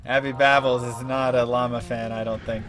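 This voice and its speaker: A man live-streaming a game, joking, laughing a lot and yelling when excited. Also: mid-range voice, background noise.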